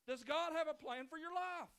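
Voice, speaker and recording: A male pastor preaching a sermon in church, swinging from loud pleading to quiet, intimate talk. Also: very high-pitched, moderate pace. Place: church sanctuary.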